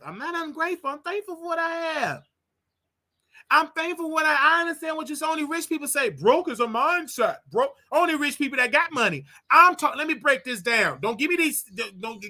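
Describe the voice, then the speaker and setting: A man with a bright, forceful voice, hosting his own livestream. He rants to his viewers in an animated, preachy, jokey way, jumping from quiet asides to loud outbursts. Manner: animated, preachy, jokey, with wild swings in pitch and volume. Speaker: host. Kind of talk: solo livestream rant.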